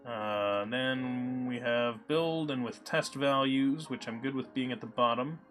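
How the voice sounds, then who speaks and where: Casual live-coding man over soft music. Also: mid-range voice. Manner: thinks aloud with many fillers, reads chat. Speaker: live-stream coding host. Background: soft background music.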